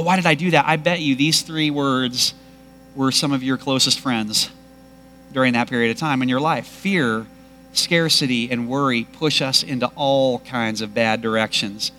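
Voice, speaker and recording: A man preaching a sermon to a congregation, animated and emphatic. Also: medium pitch, a little hiss or hum. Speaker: pastor.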